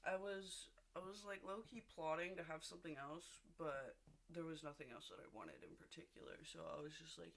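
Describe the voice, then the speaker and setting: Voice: mid-range voice, moderate pace, a bit bright. A vlogger in a casual video diary, rambling and gushing, with frequent restarts and casual swearing, seated at home.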